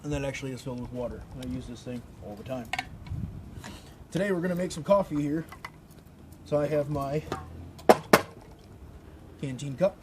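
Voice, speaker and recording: Heavy background noise surrounds this man, a WWII reenactor vlogger filming a casual show-and-tell outside in the snow while feeling cold. His mid-range voice has fairly even intonation and normal speed, and he pauses often, rambling informally and restarting frequently.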